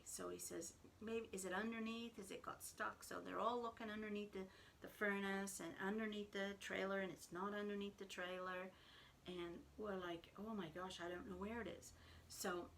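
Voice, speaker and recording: A middle-aged woman tells an anecdote in a relaxed, chatty way and acts out the voices of the people in it. Her voice has a gravelly edge, and a faint hiss sits under the recording. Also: medium pitch. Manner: animated storyteller, acts out quoted voices. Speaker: knitting podcast host. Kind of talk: casual storytelling.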